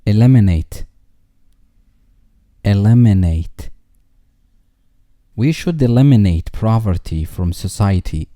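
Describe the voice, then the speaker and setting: A man reading English vocabulary words twice each, followed by a slow example sentence. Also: lowish voice, lively intonation, warm tone, no room sound, clean studio sound.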